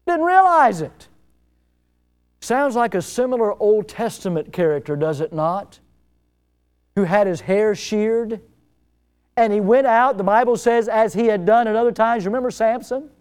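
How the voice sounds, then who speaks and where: A man's voice: high-pitched, a little mellow, clean tone. A middle-aged male pastor preaching a sermon, telling stories and firing rhetorical questions, often repeating words for emphasis.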